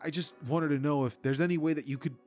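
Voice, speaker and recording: A man's voice: on the high side, steady tone, fast, a little mellow, soft background music, close to an everyday voice. A man voicing a shy, humble teenage boy who stammers nervously. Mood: timid. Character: timid, humble, overpowered teenage boy hero.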